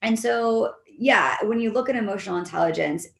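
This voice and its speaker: A woman behavior analyst, a guest in an interview, explaining her methods in a lively way and acting out the voices of the people she quotes. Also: mid-range voice, brisk, vocal fry, echoey room. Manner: animated, acts out quoted voices. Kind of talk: conversational interview.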